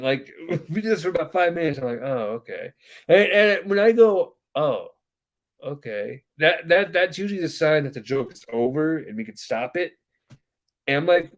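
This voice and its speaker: A man's voice: on the high side, lively intonation, normal speed. Chatty rambling male podcast host. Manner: rambling, many "uh" fillers, acts out quoted voices. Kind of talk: casual storytelling chat.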